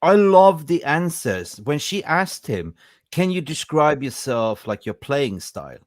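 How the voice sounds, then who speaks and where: A man's voice: fairly high pitch, big pitch swings, measured pace, no room sound, clean studio sound. Chatty man hosting a football podcast. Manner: chatty, jokey, greets viewers by name. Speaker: podcast host. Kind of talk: casual live-stream football chat.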